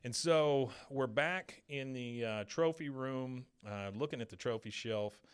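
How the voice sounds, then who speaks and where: A man's voice: medium pitch, unhurried, clean tone. A man co-hosting a podcast, casually recapping a cartoon episode and briefly acting out the characters' lines. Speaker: podcast co-host.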